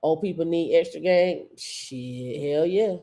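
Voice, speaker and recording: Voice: medium pitch, unhurried, mellow. A show host giving loose, chatty livestream commentary with casual slang.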